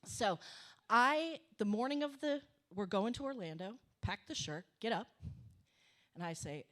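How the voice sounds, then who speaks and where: Lively middle-aged woman telling a story. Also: mid-range voice, a little slow. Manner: animated, emphatic, swears for punch. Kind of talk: live stage storytelling. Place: small cafe stage before an audience.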